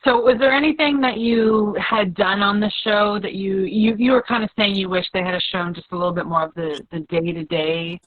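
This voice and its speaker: A woman's voice: mid-range voice, fairly even intonation, moderate pace, hardly any pauses, narrow, tinny audio. A woman co-hosting a casual chat, asking long, meandering questions and agreeing often. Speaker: co-host.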